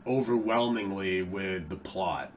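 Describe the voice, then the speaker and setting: A man's voice: low-pitched, measured pace, slight background noise. An American man hosting a podcast, easygoing and teasing in casual chat. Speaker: podcast host.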